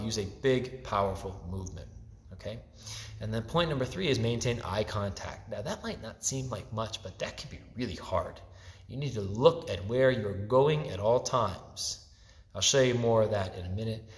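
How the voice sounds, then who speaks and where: A male taekwondo instructor teaching a class in a casual, chatty way, often checking in with "okay?", recorded on a phone that someone else is holding. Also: medium pitch. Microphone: phone camera held by a helper. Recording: echoey hall, long reverb.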